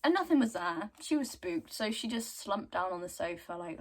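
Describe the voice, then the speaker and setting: A woman's voice: lowish voice, lively intonation, moderate pace, hardly any pauses. A young woman casually retelling a book's story, chatty and giggly. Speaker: book reviewer.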